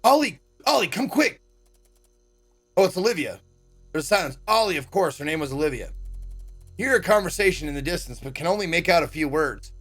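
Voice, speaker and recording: Talking fast in an expressive, slightly bright voice, this streamer reads a visual novel out loud. He's full of sarcasm and profanity, and he performs the quoted dialogue with sudden pitch shifts.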